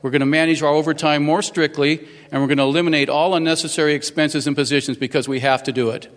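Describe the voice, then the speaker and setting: A man's voice: a little high, fairly even intonation, quick pace, long reverb tail, a little hiss or hum. A man in his fifties giving a folksy, earnest public speech as a newly sworn-in mayor, thanking people at a ceremony. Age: 50s. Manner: folksy and earnest, with many fillers.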